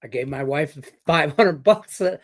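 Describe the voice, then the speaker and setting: A middle-aged man from Detroit hosting a betting talk show, his voice sitting a bit higher than most men's. He rambles loosely, swears freely and leans on fillers as he tells a story and gives picks. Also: lively intonation, a little slow, fairly bright tone. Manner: rambling, profane, story-telling with lots of fillers. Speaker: sports betting podcast host. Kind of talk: casual chat with betting picks.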